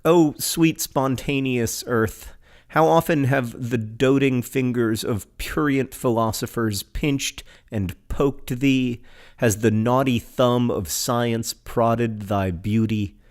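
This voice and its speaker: A man co-hosting a podcast, reading poems in a slow, measured way and chatting in quick asides with plenty of fillers. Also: medium pitch, darkish tone. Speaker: podcast co-host. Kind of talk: reading poems aloud and casual chat.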